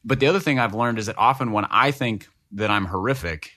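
Self-deprecating pastor dude, bright edgy voice, thinking out loud. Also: male voice, lowish voice, a little fast. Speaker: pastor and podcast co-host. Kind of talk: casual chat.

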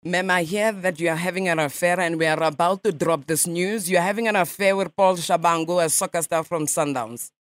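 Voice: mid-range voice, fairly quick, hardly any pauses, no room sound, close to an everyday voice. A radio host on a prank call, voicing a pushy, prying fake Russian gossip journalist with a put-on Russian accent and mocking questions.

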